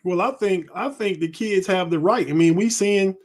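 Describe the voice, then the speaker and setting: A man's voice: high-pitched, normal speed, a little mellow. A man co-hosting a sports podcast, talking in a laid-back, colloquial way and often repeating words. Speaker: podcast co-host. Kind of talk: casual sports chat.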